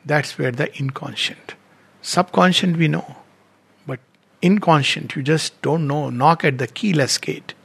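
A spiritual teacher, a man, reads poetry aloud and explains it in a measured, reflective way, pausing often. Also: fairly high pitch, creaky, breathy edge.

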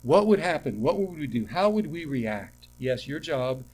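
Animated male preacher, fairly high voice. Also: moderate pace. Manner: animated preaching that swings from loud emphasis to quiet asides; tells personal stories with repeated restarts. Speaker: pastor. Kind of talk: sermon.

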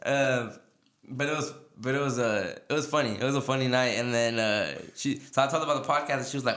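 A man's voice: medium pitch, quick pace, fairly bright tone. A man hosting a podcast, telling a rambling story in casual chat, laughing and full of fillers. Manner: rambling, laughing, lots of filler and quoted dialogue. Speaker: podcast host. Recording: echoey room.

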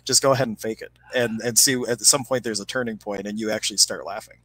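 A man's voice: lowish voice, steady tone, fast talker, bright, forceful tone, low-quality recording. A middle-aged man, a healer and co-host, telling stories in casual conversation, laughing often and acting out the voices of people he quotes. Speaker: energy healing practitioner and podcast co-host.

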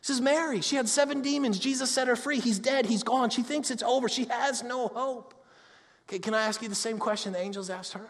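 A man preaching a sermon in a conversational way, moving between loud excitement and hushed, intimate talk. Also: extremely high pitch, brisk. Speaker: pastor. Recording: long hall reverb.

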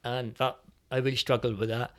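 A man as a podcast guest, speaking reflectively and hesitantly with many pauses as he tells his personal story. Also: mid-range voice, level tone. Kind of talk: personal testimony in conversation.

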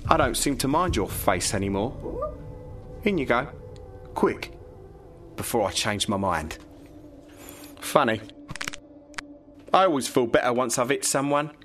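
A man plays a Cockney nightclub doorman who stays calm and falsely courteous while sounding menacing. His voice sits at a middle pitch, with faint music underneath. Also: unhurried, long pauses. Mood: menacing politeness. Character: menacing polite male nightclub bouncer. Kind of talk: sketch comedy acting.

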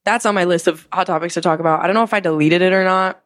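A woman's voice: fairly low pitch, fairly even intonation, very fast. A young woman hosting a podcast, telling stories in a rambling, casual way with many fillers and casual swearing. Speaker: podcast host. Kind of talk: casual storytelling chat.

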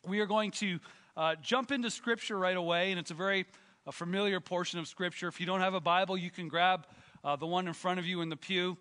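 A man's voice: high-pitched, steady tone, fairly quick, pushed and bright, clean tone, long reverb tail. A man preaching a sermon as pastor, slightly out of breath, emphatic and rising as he reads scripture aloud in a church. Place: church sanctuary.

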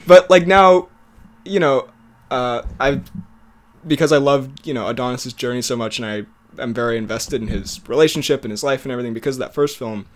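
A man's voice: mid-range voice, fairly quick. A man co-hosting a podcast in casual chat, talking eagerly about movies and laughing often. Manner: chatty, laughs often, trails off and restarts. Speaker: podcast co-host.

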